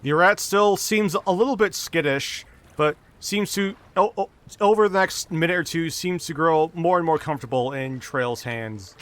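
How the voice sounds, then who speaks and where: Clear-voiced man running a tabletop game. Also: fairly high pitch, normal speed, few pauses. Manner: steady storytelling with small restarts. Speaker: dungeon master.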